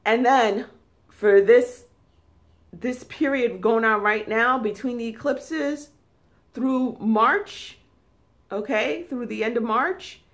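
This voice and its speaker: New york lady doing spiritual vlog talk, emphatic, keeps repeating, jumps up into high tones. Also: takes it slowly. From New York City. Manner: emphatic, repetitive, high-pitched bursts. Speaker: spiritual channel host.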